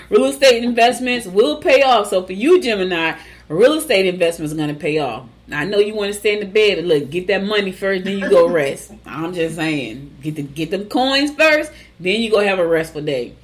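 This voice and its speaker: Chatty woman morning host, low voice. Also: expressive, moderate pace. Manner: chatty storytelling with asides to listeners. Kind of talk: casual chat and reading horoscopes.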